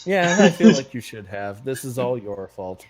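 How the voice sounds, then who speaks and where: A man's voice: mid-range voice, very animated, normal speed, crowd noise. A man co-hosting a casual chat show from a room at home, easygoing and chatty. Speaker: show co-host.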